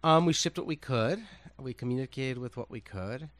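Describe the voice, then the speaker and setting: A man, a fashion designer, telling lively stories in a casual interview and acting out other people's voices. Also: medium pitch, normal speed. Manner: animated, acts out quoted voices, laughs often.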